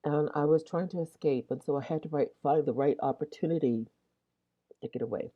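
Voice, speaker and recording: A woman with a strikingly deep, low voice shares a personal testimony in a loose, rambling way, often circling back and restarting her sentences. She sounds a little tired, yawning and clearing her throat as she goes. The audio is dull and lo-fi. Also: brisk. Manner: rambling, with many restarts and asides. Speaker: Christian video host.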